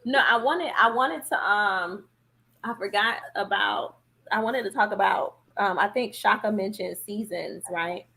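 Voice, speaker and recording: A woman in a casual panel chat who speaks thoughtfully and searches for her words, with a husky, gravelly voice. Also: medium pitch, measured pace, pushed and bright, slight background noise.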